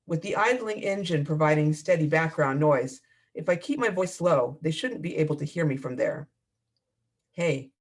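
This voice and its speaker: A man, an author, reading his own fiction aloud in a measured, expressive storytelling manner. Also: on the high side.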